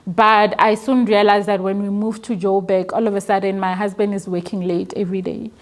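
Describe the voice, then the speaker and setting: A woman's voice: medium pitch, flat delivery, fairly quick. Earnest woman. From South Africa. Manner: earnest, emotional, repeats words when moved. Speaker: interview guest. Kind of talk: personal storytelling in an interview.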